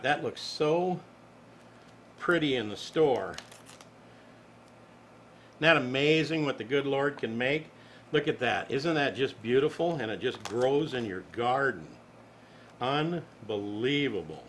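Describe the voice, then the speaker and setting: A man's voice: medium pitch, lively intonation, unhurried, pauses often, fairly bright tone, slight background noise. A man hosting a home cooking show, chatty and joking in a down-home way. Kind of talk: folksy cooking demonstration.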